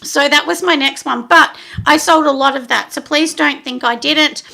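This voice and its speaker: A middle-aged woman chatting on her own vlog, rambling and poking fun at herself with lots of ums. Her voice sits high and bright, with a gravelly fry at the ends of phrases. She sounds relaxed and talkative. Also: moderate pace. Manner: rambling and self-deprecating, frequent ums, laughs at herself. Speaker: soap maker and channel host.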